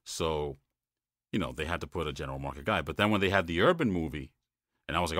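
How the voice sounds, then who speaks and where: A man's voice: rumbling low, fast, dry recording, clean studio sound. A man with a New York-New Jersey accent, a voice actor telling stories as a guest in a casual interview, often tossing in "man". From United States. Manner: animated storytelling, says "man" a lot.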